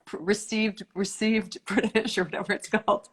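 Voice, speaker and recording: A woman hosting an interview, effusive and warm in her praise, reading passages softly. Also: medium pitch, flat delivery, normal speed, breathy edge. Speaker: interviewer host. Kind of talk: casual interview chat.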